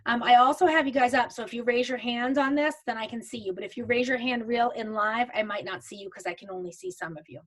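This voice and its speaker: A woman talks to her class over a video call, with a slightly high voice. She explains each step in a loose, chatty way and often restarts a sentence. Her delivery feels like casual live training. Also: quick pace, few pauses, a bit bright. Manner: chatty, walks through steps with restarts. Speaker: makeup consultant teaching a virtual class.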